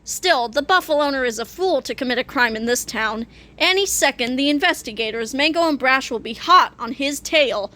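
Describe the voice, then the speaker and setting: Woman narrator reading a comic aloud, high and bright voice, playful sing-song storybook delivery. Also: lively intonation, moderate pace. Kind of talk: reading a graphic novel aloud.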